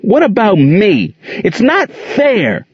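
A man voicing an anxious, upset young boy about to turn nine, his voice pushed high and strained. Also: moderate pace, breathy edge. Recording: dull lo-fi recording.

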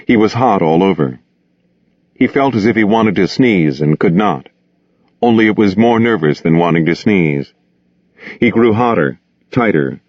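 A man narrating a novel aloud in a steady, measured, grave manner. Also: low-pitched, dry recording. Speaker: audiobook reader. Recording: dull, dry close recording.

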